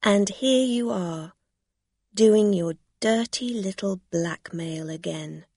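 A woman voicing a shrewd, determined woman who calmly confronts a swindler. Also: mid-range voice, slow pace, husky, dry recording, clean studio sound. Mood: firm.

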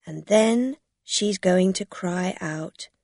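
A woman voicing a shrewd, determined woman who calmly confronts a swindler. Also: fairly low pitch, slow pace, creaky, no echo, clean studio sound, full character voice. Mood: firm.

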